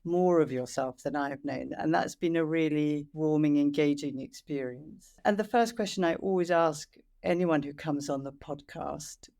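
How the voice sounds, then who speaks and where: A woman hosting a podcast interview, asking gentle, reflective questions. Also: low voice, moderate pace, hardly any pauses. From England. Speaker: podcast host.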